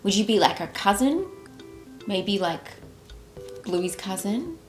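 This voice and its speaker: A woman's voice: medium pitch, big pitch swings, slow. An Australian woman from Melbourne hosting a podcast, chatting with a child guest in a bubbly, encouraging way. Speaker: podcast host. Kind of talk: casual chat with a child guest. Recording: echoey room with music behind.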